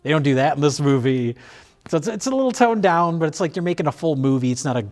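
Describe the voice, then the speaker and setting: A man's voice: on the high side, animated, fast talker, darkish tone. A man hosting a film review show, chatting casually with fillers and restarts. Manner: rambling, many fillers and restarts, laughs easily.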